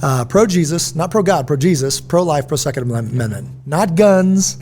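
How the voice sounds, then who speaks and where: A man's voice: a little high, moderate pace, soft background music. A middle-aged man hosting a casual podcast conversation, telling stories and acting out quoted voices. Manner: storytelling, animated, acts out quotes. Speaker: podcast host.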